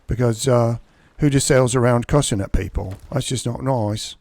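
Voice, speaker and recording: A man's voice: medium pitch, normal speed, a little mellow, no room sound. A man streaming a pirate game live, rambling through his rules with restarts and muttering asides as he plays. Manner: rambling, self-correcting explanations; mutters under his breath while playing. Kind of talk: casual live gameplay commentary.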